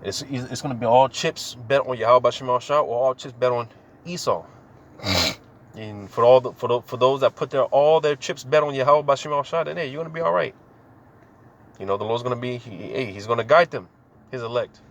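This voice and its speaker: A man's voice: medium pitch, normal speed, lo-fi sound. Laid-back man teaching scripture. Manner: laid-back, slangy, full of "man" and "you know" fillers. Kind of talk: informal scripture reading and commentary.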